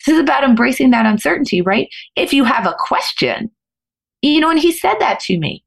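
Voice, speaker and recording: A middle-aged woman, a podcast guest, telling a story in an animated, fast-flowing way with frequent restarts. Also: high voice, creaky, husky. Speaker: guest, former professional poker player.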